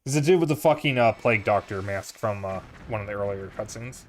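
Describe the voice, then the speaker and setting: A man's voice: lowish voice, fairly quick, a little hiss or hum. A young man streaming a video game, chatting candidly with viewers, swearing freely and rambling with fillers. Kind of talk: casual gameplay commentary.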